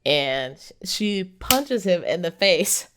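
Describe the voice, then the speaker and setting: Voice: medium pitch, big pitch swings, slow, fairly bright tone, a little hiss or hum. A movie reviewer giving a casual, rambling plot recap, full of fillers and frequent chuckles.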